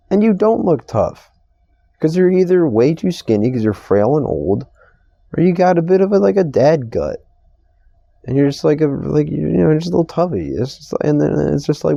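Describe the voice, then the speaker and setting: A man's voice: fairly high pitch, sing-song, normal speed, creaky, warm tone, no room sound, highs cut off. A young man hosting a casual solo podcast, rambling and swearing in an exasperated rant about strangers. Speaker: podcast host. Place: store receiving area.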